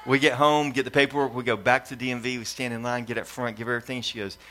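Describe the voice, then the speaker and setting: Man, middle-aged pastor, bright forceful voice, sermon, animated storytelling, repeating lists. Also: medium pitch, quick pace. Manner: repetitive preaching cadence, builds in lists.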